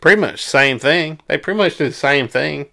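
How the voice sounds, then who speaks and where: A man from South Arkansas with a Southern accent, co-hosting a casual sports chat and ranting in an animated, exclamatory way. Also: on the high side, fairly quick, creaky. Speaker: sports podcast co-host.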